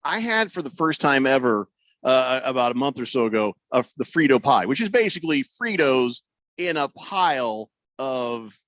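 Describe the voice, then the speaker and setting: A man hosting a sports radio show, chatting casually with his co-hosts and reading listener texts aloud with quick asides. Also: mid-range voice, very animated, fairly bright tone, dry recording. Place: radio studio. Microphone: studio microphone.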